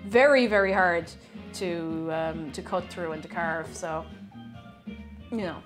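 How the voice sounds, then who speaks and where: A woman's voice: lowish voice, expressive, moderate pace, pauses often, faint music behind. A young woman from Ireland chatting casually on a live stream, reading chat aloud and giggling often as she bakes.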